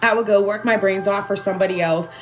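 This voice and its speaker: A woman's voice: medium pitch, steady tone, fast, soft background music. A woman speaking candidly and emotionally to her livestream viewers about spiritual growth, swearing freely and often asking "right?". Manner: conversational, keeps asking "right?". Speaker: spiritual self-help vlogger.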